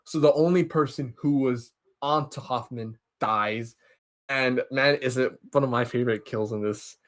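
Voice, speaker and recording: Animated young man recapping on a podcast. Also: mid-range voice. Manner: animated, acts out characters' lines in quick impressions. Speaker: podcast host.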